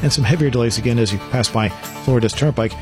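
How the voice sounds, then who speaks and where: A man giving a brisk, even radio traffic report. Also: mid-range voice, over music. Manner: brisk, even newsreader delivery.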